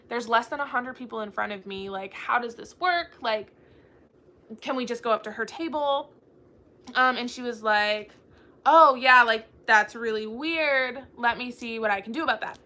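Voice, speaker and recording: A woman's voice: on the high side, bright, forceful tone. A young woman hosting a casual book chat, telling a bubbly story and acting out the quoted dialogue. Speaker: book channel host.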